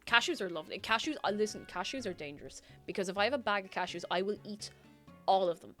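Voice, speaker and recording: A woman's voice: mid-range voice, fast, sharp tone. A woman livestreamer rambles through casual chat with her viewers. She giggles often and pokes fun at herself. Faint music plays in the background. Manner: rambling, giggly and self-mocking.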